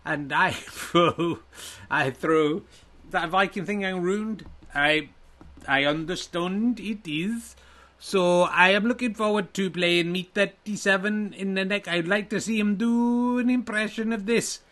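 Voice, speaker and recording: A man's voice: sits high, a bit bright, voice pushed up. A man doing a proud, stiff Viking. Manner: stiff, formal, drawn-out delivery. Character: proud slow-spoken male Viking snooker player.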